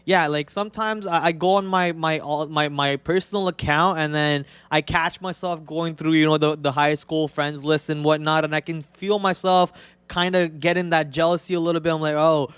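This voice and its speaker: A man hosting a live stock trading show, talking in an excitable, rambling way with many restarts. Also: a little high, moderate pace, smooth, no echo.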